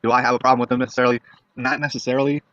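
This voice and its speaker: A man's voice: mid-range voice, level tone, rapid-fire, sharp tone, no echo. A young man ranting bluntly to camera in a vlog, profane and opinionated, who keeps checking in with his viewers. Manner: blunt, profane, keeps asking "all right?". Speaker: vlogger. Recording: dull lo-fi dry recording.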